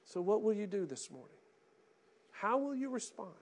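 High-voiced pastor guy preaching, goes quiet then gets loud and fired up. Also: very animated, moderate pace. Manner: impassioned, swings from hushed to loud. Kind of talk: sermon.

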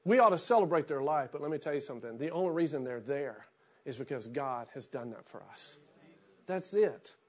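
A middle-aged man, a pastor, reading scripture aloud and then preaching in a relaxed, storytelling way. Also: a little high, fairly quick.

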